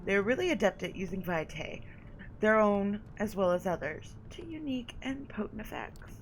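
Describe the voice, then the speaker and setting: A woman's voice: mid-range voice, animated, normal speed, a little hiss or hum, lightly acted, rough recording. A woman voicing a haughty, condescending female vampire sire, reading game dialogue aloud with drawled endearments.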